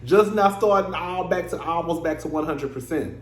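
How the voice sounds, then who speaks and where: A man's voice: on the high side, moderate pace. A man hosting his own gossip vlog, talking casually and sassily to his viewers and calling them "girl". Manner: chatty, sassy, addresses viewers as "girl". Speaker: vlog host. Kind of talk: casual celebrity gossip chat. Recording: echoey room with faint noise.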